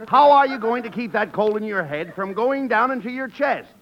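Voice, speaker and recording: A man playing the brisk, scolding straight man in a 1940s radio comedy. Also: extremely high pitch, lively intonation. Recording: dull old radio broadcast with hiss.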